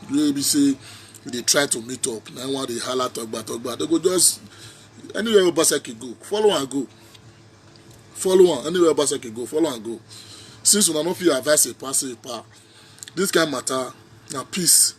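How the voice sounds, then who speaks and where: A man's voice: on the high side, slight background noise. A man with a Nigerian Pidgin accent giving a preachy, repetitive, mocking political rant in a casual vlog. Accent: Nigerian Pidgin English speaker. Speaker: social media commentator.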